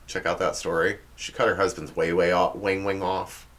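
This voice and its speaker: A man's voice: low voice, little pitch movement, normal speed, fairly bright tone. A man hosting a comedic monologue, sarcastic and exasperated, often stumbling over his words. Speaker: comedy show host.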